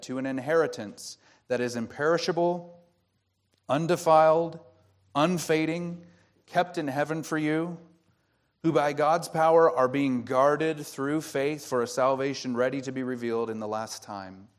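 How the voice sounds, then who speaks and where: A man's voice: a little high, moderate pace. Man preaching a teaching sermon. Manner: teaching, explains grammar, asks rhetorical questions. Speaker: pastor.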